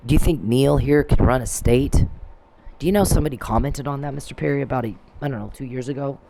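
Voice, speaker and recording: A man's voice: medium pitch, vocal fry, mellow, slight background noise, low-quality recording. A man delivering an angry, profane monologue that scolds people he addresses. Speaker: commentary channel host.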